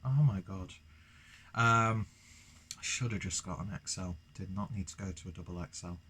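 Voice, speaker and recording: A man's voice: deep voice, fairly even intonation, moderate pace, bright, forceful tone, a little hiss or hum. A young man chatting through a beer review, rambling and self-deprecating, with lots of fillers. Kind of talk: casual beer review vlog.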